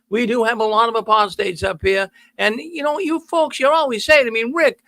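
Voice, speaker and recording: Folksy middle-aged host, high and bright, gravelly edge, dry close mic, stresses every point. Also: male voice, dry recording. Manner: folksy, emphatic, repeats words for stress. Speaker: call-in show host. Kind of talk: energetic monologue to viewers. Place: studio.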